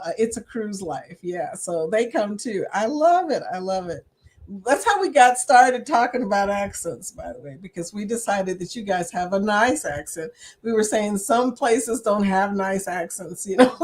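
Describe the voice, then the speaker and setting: A woman's voice: mid-range voice, a little mellow. An older woman hosting a casual livestream chat, reading viewer comments aloud and laughing often between remarks. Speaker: livestream host.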